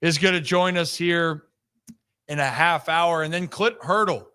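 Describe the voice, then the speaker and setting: Bright-voiced energetic sports talk host. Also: male voice, a little high, measured pace, clear, resonant tone. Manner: energetic, animated, teasing. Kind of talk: casual sports talk show.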